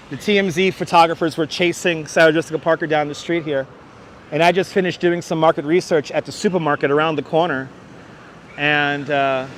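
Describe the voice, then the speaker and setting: A man with a Brooklyn accent hosting a walking-tour livestream outdoors in the city, chatting with viewers and thanking them by name. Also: a little high. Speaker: livestream host. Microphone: wireless clip-on mic. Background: faint city traffic.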